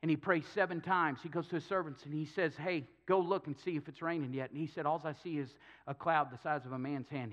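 A man preaches in a church, retelling scripture with humor and playing out the characters' lines. His voice sits a little high. The recording is dull and lo-fi, with the top end muffled. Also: steady tone, brisk, fairly bright tone. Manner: storytelling with humor, acting out quotes. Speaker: pastor. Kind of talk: sermon.

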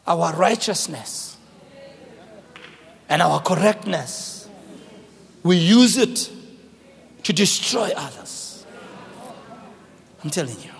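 Impassioned high-voiced preacher. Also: male voice, gravelly. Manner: impassioned preaching with personal storytelling. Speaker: pastor. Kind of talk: sermon. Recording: long hall reverb.

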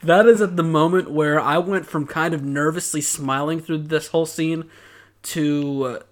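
A young man with a South Georgia accent jokes and needles his co-host in casual podcast talk. His voice sits a bit higher than most men's. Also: fairly even intonation, moderate pace. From Georgia, USA. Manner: teasing, joking banter. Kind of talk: casual recap chat.

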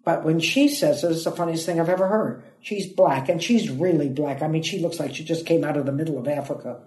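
A woman, a comedian telling stories in an interview with a chatty, lively manner that swoops up for emphasis. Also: low voice, a little fast. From United States (Ohio). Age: 80s. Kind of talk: animated interview storytelling. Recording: echoey room.

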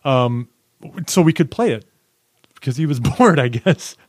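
A man's voice: mid-range voice, measured pace, dry recording, studio quality. A man co-hosting a podcast, rambling through a story in casual chat and acting out the quotes. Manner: rambling, animated storyteller who acts out quotes. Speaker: podcast co-host.

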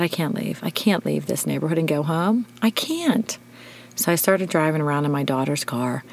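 Middle-aged female podcast host, deep and creaky, emotional storyteller. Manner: emotional, animated retelling with shouted quotes. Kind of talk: personal storytelling.

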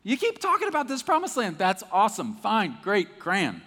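A man voicing an exasperated, emphatic man who pleads loudly with God and repeats himself. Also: high-pitched, moderate pace, pitched above the performer's own voice, heavily acted. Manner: loud, animated, repeats himself. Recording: echoey hall.

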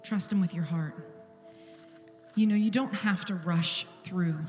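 A woman's voice: lowish voice, unhurried, darkish tone, reverberant, in a large hall, soft background music. A woman pastor giving an earnest, intimate sermon in a church, at times dropping to a whisper. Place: church sanctuary.

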